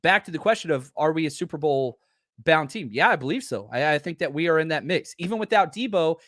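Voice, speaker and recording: A man hosting a casual sports podcast live stream, animated and blunt, joking with his chat. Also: fairly high pitch, brisk, dry recording, clean studio sound. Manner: animated, blunt, jokey, talks straight to chat. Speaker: podcast host.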